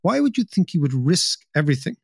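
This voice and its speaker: A man's voice: fairly high pitch, very animated, fast, vocal fry, a little mellow, breathy edge, dry recording, clean studio sound. A man hosting a podcast interview, asking probing questions with stammering restarts. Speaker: podcast host.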